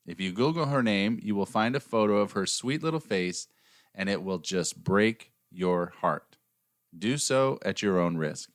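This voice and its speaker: A man's voice: lowish voice, dry recording, studio quality. A man co-hosting a podcast, reading out a case with jokey, wry asides. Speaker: podcast co-host and narrator. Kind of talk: casual podcast chat with scripted narration.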